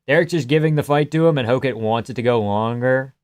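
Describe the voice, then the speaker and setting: A young man hosting a livestream, reacting to a fight with casual, profane commentary, yelling advice at the fighters and laughing often. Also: medium pitch, quick pace, clear, resonant tone. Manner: excitable, profane, yells at fighters, frequent laughs. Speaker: livestream host.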